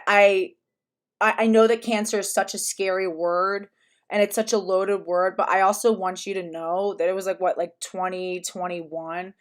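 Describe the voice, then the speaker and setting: A woman talking in a loose, conversational commentary. She rambles, circles back and restarts her sentences as she thinks aloud, in a voice of ordinary pitch. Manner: rambling, with many restarts and fillers. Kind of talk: casual commentary vlog.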